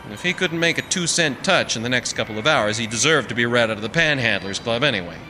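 A man's voice: mid-range voice, expressive, quick pace, pushed and bright. A man narrating a story aloud with a dry, wry storytelling manner, in a recording with long reverb and faint music. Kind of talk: storybook reading.

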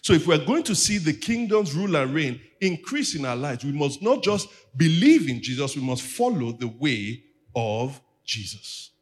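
A pastor delivering a teaching sermon in church, calling on the congregation to repeat after him. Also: male voice, fairly high pitch, lively intonation, moderate pace, slightly rough.

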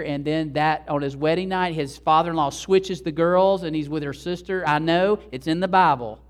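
A man preaching a sermon, conversational and animated, talking straight to the congregation. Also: on the high side, moderate pace, hardly any pauses. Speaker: pastor.

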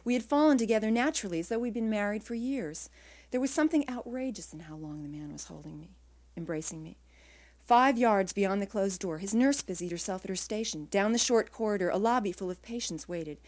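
A woman writer reading her own literary prose aloud in a quiet, measured way, her phrases trailing off softly. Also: medium pitch, animated.

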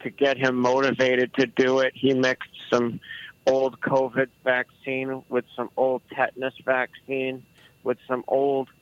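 A man voicing a young boy caller scared for his father, talking in a slow, halting, tearful way. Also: mid-range voice, monotone, smooth, no room sound, lo-fi sound, close to an everyday voice. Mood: earnest.

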